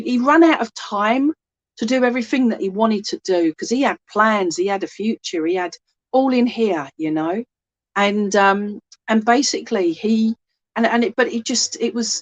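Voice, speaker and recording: Gentle woman giving a reading. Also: a little high. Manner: gentle, reassuring, relays messages in asides. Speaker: medium. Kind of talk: spiritualist mediumship reading. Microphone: laptop microphone.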